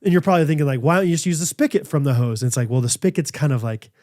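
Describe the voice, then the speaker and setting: A man's voice: a little high, very fast, no room sound, clean studio sound. A man in his thirties co-hosting a podcast, rambling through stories with lots of fillers and reading ads in a casual way. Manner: rambling, animated storytelling with fillers. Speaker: podcast co-host. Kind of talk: casual chat with ad reads.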